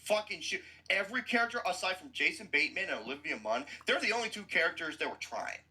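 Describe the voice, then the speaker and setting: A man's voice: high voice, sing-song, fast, sharp tone, rough recording. A man hosting a podcast who gives a blunt, profane movie review with explosive outbursts.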